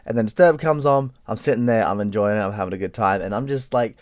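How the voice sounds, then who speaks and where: Tired aussie guy rambling thru his day, lowish voice, dry sound. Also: quick pace, dry recording. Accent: Australian. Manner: rambling, swears freely, mimics people in high voices. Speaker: vlogger. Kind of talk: casual storytelling vlog.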